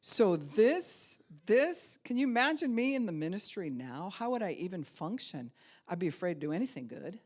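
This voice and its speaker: A middle-aged woman pastor preaching a sermon, telling a personal story and swinging from loud emphasis to hushed whispers. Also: mid-range voice, very animated, normal speed.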